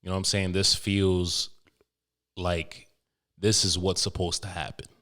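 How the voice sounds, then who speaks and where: Deep-voiced man rambling on his podcast. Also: little pitch movement, unhurried, sharp tone. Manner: profane, rambling, emotional storytelling with many restarts. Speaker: podcast host. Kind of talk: casual podcast monologue.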